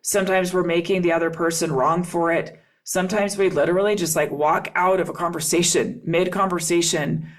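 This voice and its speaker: A woman's voice: lowish voice, steady tone, fairly quick, few pauses. A middle-aged woman hosting a solo podcast as a relationship coach, talking earnestly and repeating key phrases for emphasis.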